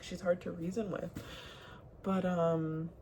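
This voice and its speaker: A young woman talking candidly to camera in a rambling, confessional way, now and then dropping to a hushed whisper. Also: lowish voice, little pitch movement, takes it slowly, slight background noise. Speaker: vlogger. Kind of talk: candid personal talk to camera.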